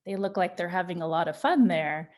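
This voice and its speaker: A woman's voice: lowish voice, a little mellow. Patient woman teaching young children. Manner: slow, patient and encouraging, stretching out example sentences. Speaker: Montessori teacher. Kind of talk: children's writing lesson.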